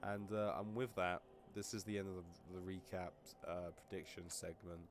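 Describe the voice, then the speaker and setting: A man's voice: sits low, steady tone, normal speed, slight background noise. A man co-hosting a podcast, telling rambling stories full of crude jokes in casual chat. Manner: rambling, crude jokey storytelling. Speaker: podcast co-host.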